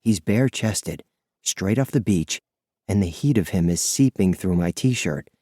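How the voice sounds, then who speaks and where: A man narrating an audiobook in the first person, expressive and lively in his storytelling. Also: sits low, a little slow, dry recording, clean studio sound.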